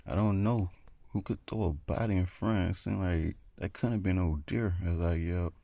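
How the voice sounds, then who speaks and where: A man's voice: sits low, moderate pace, gravelly, dark tone, no room sound. A man telling a horror story in a casual, rambling way, full of fillers.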